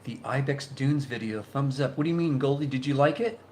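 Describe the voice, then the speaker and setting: A man hosting a casual live stream, reading viewer comments and chatting in a rambling, halting way, repeating his words. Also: mid-range voice, a little mellow, a little hiss or hum. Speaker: YouTube channel host.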